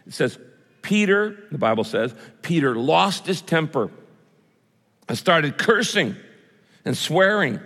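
A man's voice: fairly high pitch, sing-song, slow, pauses often, a bit bright. A man preaching a sermon to a congregation in a church, talking in a conversational way and putting questions to his listeners. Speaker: pastor. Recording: reverberant hall.

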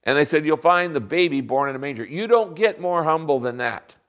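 Man, pastor, sermon, earnest, emphatic slowdowns. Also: fairly high pitch, animated, a bit bright, clean tone. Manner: earnest preaching, slows down for emphasis.

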